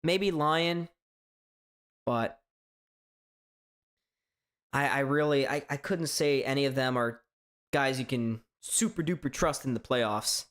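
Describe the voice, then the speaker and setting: A man from hosting a live sports reaction stream, chatting casually in a strained, hoarse voice, rambling and stammering through restarts. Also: medium pitch, slow pace, pauses often, a bit bright. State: voice straining from shouting. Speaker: sports fan livestream host.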